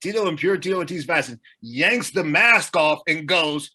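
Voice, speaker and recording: A man with a high, strikingly bright and forceful voice tells a story on a casual podcast. He rambles, strings thoughts together with "like" and slips into acting out what other people said. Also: normal speed, slightly rough. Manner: animated, rambling, heavy use of "like", acts out others' lines.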